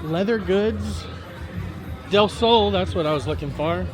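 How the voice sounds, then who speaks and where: Against background music and a crowd, a man with a high voice speaks at a measured pace while touring a cruise port's outdoor shopping area. A travel agent making a travel vlog, he chats casually and tosses in upbeat asides as he points things out.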